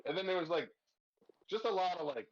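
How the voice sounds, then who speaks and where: A man's voice: high-pitched, animated, fairly quick. A man talks through a horror movie with his co-hosts in a loose, rambling way, swearing freely and breaking into laughter. The recording sounds dull and lo-fi. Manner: profane, rambling, laughs a lot. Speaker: podcast host. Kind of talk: casual movie discussion.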